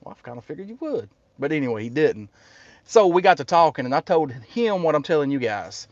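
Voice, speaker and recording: A man's voice: a little high, sing-song, fairly quick, dry recording. A man telling a story in a casual, blunt, plainspoken way. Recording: dull, dry sound.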